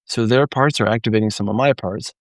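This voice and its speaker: A man's voice: lowish voice, fast, no echo. A man, a therapist and trainer, teaching in a live Q&A in a conversational way and often checking in with "right?".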